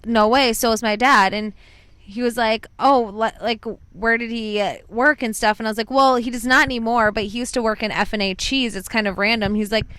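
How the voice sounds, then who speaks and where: A woman's voice: fairly high pitch, fairly even intonation, brisk, a bit bright, clean tone, no room sound. A young woman co-hosting a podcast, telling a bar story in casual chat, acting out quoted lines and saying "like" a lot. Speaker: podcast co-host.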